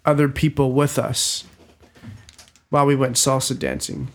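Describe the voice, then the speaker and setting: A man's voice: medium pitch, big pitch swings, a little slow. A man telling a rambling, swear-laced story in a casual chat with friends, full of restarts. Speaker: storyteller on a group podcast. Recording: roomy echo.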